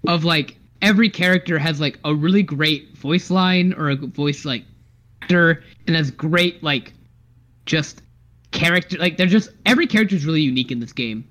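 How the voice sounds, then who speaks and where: A young man co-hosting a podcast in casual chat. He is animated, laughs often and talks with many fillers. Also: a little high, normal speed. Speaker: podcast co-host.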